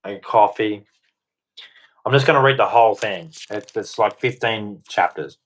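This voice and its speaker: A man's voice: fairly low pitch, moderate pace. A man hosting a casual live stream, reading aloud and breaking off into blunt, rambling, mildly crude rants. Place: home studio.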